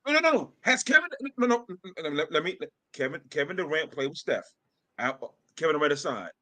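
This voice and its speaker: A man's voice: fairly high pitch, fairly quick. A man co-hosting a sports podcast, arguing emphatically and repeating his points in a heated debate. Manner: emphatic, repetitive, animated trash talk. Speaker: podcast co-host.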